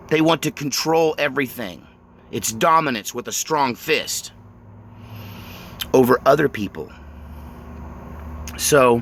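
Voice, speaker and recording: Animated, bright-voiced man telling stories. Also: mid-range voice. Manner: animated, emphatic, laughs often. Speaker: vlogger. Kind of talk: casual storytelling monologue.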